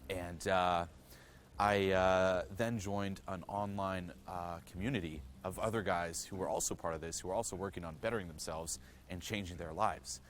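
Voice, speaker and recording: In a low, steady voice at normal speed, a man earnestly recounts his own experiences to the viewer for his self-improvement vlog. He swears freely and leans on "you know" as filler, while slight background noise runs beneath.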